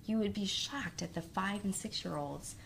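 Animated woman telling classroom stories. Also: creaky, slight background noise. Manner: animated storyteller, quick rises in pitch. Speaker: kindergarten teacher. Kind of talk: casual conversation.

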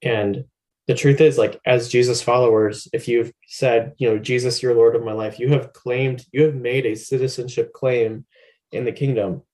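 Man, podcast co-host, relaxed, joking, conversational, warm mellow tone. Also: mid-range voice, normal speed, low-quality recording. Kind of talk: casual faith podcast discussion.

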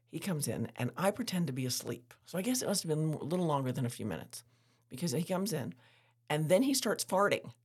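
A woman's voice: fairly low pitch, husky. A woman hosting a podcast, telling a candid story in a frank, casual way and laughing often. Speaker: podcast host.

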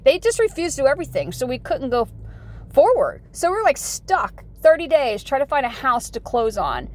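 A woman in her forties from the United States, talking in a rambling, folksy vlog monologue full of "you know" asides. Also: sits high. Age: 40s. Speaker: vlogger.

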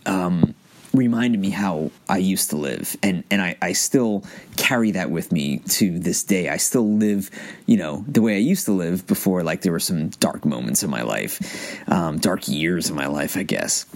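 A man talking casually to the camera about an acting method, pausing and restarting often. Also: sits low, animated. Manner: halting, many restarts and fillers. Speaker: amateur actor reviewing an acting book.

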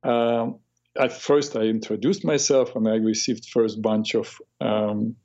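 A middle-aged man hosting a talk show on the mind, telling a reflective story in a halting way with many restarts. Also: fairly low pitch, fairly even intonation, darkish tone. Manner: halting, with frequent restarts and self-corrections. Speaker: radio host, therapist. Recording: dull lo-fi radio audio.

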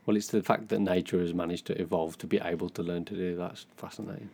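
A man's voice: low voice, steady tone, fast talker, creaky, warm tone, slightly rough. A man in easygoing casual chat, musing aloud and often restarting his sentences.

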